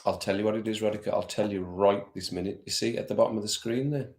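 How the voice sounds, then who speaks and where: A man chats casually with his stream viewers during a football watch-along, calling them by name and laughing easily. His voice sits low, and the sound echoes around the room he records in. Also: steady tone, fast. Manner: chatty, addresses chat viewers by name, laughs often. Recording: roomy echo.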